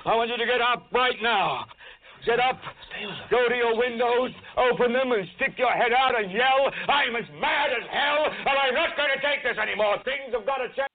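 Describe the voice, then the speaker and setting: An actor playing a furious older TV newsman, speaking a film monologue that builds from low brooding to shouted outrage. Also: normal speed. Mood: impassioned. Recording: tinny phone-like audio.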